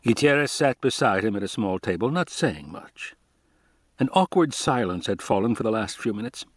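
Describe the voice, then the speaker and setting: A man narrating an audiobook in a steady, measured reading voice, recorded close to the mic. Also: fairly low pitch, no echo. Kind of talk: scripted narration.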